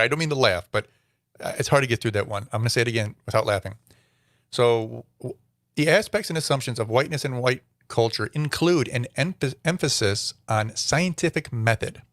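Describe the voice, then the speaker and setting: A man's voice: medium pitch, a bit bright, no echo, clean studio sound. A man hosting his own commentary vlog, reading text aloud and answering it with sarcastic, incredulous asides. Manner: sarcastic, incredulous asides between read-out quotes. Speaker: show host.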